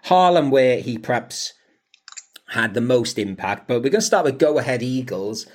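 Man, podcast co-host, rambling casual chat, ordinary mid pitch, lots of restarts. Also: animated, moderate pace. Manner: rambling, lots of fillers and restarts, laughs often.

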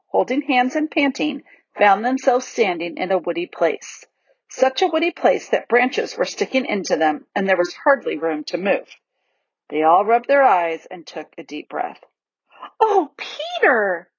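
A woman narrates a children's storybook with an expressive, varied delivery. Her voice is husky, with lively pitch. The recording is dry and dull, like lo-fi audio. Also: dry recording. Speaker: audiobook reader.

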